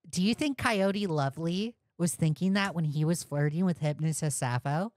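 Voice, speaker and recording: A woman reacting to a video as a commentary streamer, profane and mocking, with excitable outbursts. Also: low-pitched, normal speed, few pauses, no room sound.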